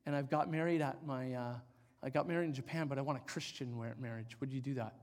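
A middle-aged man preaching a sermon, telling a personal story in an animated, rambling way with many fillers. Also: medium pitch, quick pace. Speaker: pastor. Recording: long hall reverb.

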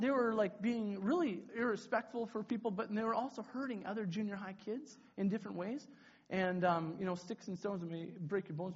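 Husky high-voiced man preaching a story. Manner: animated, acts out voices, builds to a hushed close. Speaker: camp leader telling a story. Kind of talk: sermon storytelling. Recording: dull lo-fi recording.

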